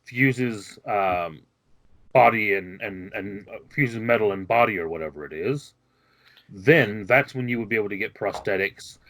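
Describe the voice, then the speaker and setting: A man explaining the rules of a tabletop game as game master, measured and patient. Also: fairly low pitch, fairly bright tone, low-quality recording.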